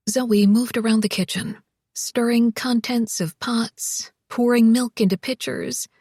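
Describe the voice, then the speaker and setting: Woman narrating a novel, husky breathy voice, dead dry studio sound. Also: fairly high pitch, dry recording. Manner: measured, even storytelling. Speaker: audiobook narrator. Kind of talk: scripted audiobook narration.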